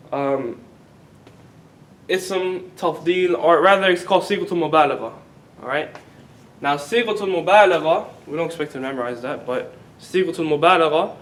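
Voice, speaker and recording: A man teaching an Arabic grammar class, asking the students questions, having them repeat words and drawing words out slowly to model them. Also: fairly bright tone, recorded from a distance. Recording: echoey classroom recording with faint rumble.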